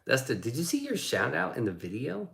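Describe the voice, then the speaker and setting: A livestream host loosely reads viewer comments aloud, joking with lots of profanity. His mid-range voice swoops wildly in pitch and is brisk, gravelly, and a bit bright, in a roomy, echoey recording.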